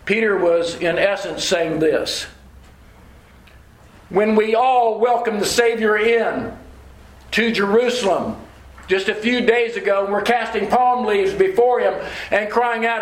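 A male preacher delivers a sermon in a high voice, driving his points home through deliberate repetition. His words ring out in an echoey church room.

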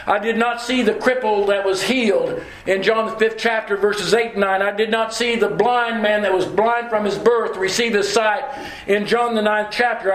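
A fervent apostle Peter, a grown man declaring himself in the first person, as a male preacher puts him on. The voice sits high and rings through an echoey room. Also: a bit bright.

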